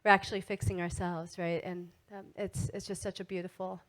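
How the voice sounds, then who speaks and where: A middle-aged woman giving a motivational wellness talk to an audience, animated and asking frequent tag questions. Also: lowish voice, brisk. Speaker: wellness speaker.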